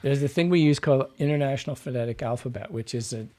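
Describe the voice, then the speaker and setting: A man's voice: mid-range voice, fast talker, noisy background. A man, a dialect coach and podcast guest, explaining at length like a teacher and acting out the sounds he describes. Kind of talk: explanatory interview talk.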